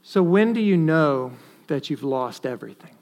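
Male pastor, high-pitched, earnest sermon delivery with emphatic stresses. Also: expressive, normal speed. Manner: earnest, rises to emphatic stresses then drops to quiet asides.

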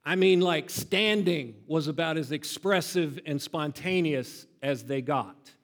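A man's voice: a little high, a little slow. Emphatic preacher man in a reverberant sanctuary. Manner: expressive, builds to loud emphatic peaks. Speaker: pastor. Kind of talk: sermon. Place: church sanctuary.

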